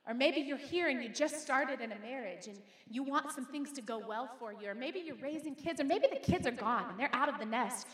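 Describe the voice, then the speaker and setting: A middle-aged woman pastor preaching a lively sermon to her congregation and calling on them to repeat her words. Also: sits high. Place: church sanctuary. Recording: echoey hall.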